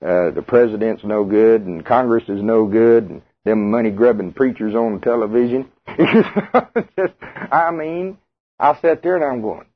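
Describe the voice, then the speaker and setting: A man's voice: fairly low pitch, measured pace. A man preaching a sermon, talking conversationally and putting questions to the congregation. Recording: tinny radio broadcast.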